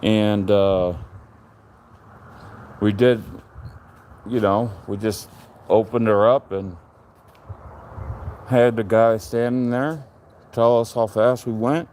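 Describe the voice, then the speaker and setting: A middle-aged man, chatting casually on a live stream from his phone as he walks around his home and backyard. He is relaxed and chatty. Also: slow pace, pauses often. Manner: relaxed and chatty, jumps to a high sing-song voice when talking to his dog. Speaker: livestream host. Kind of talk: casual live-stream chat while walking. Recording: faint outdoor noise on a phone stream.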